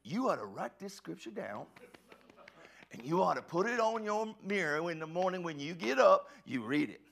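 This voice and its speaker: Excitable, high-voiced preaching man. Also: moderate pace, vocal fry. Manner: excitable, swings from hushed to shouting; repeats words and restarts often. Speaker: pastor. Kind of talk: sermon.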